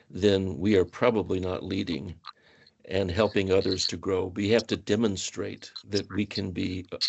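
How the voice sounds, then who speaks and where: A man's voice: sits low, creaky, darkish tone, muffled recording, a little hiss or hum. A man hosting a panel discussion, thoughtful and affirming as he poses questions. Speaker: host.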